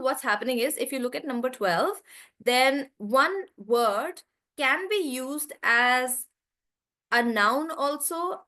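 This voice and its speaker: A woman teaching stress in words to students in an online class. She explains patiently and says key words slowly, with the stress marked. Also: on the high side, bright, forceful tone. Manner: talks straight to the students. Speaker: English teacher.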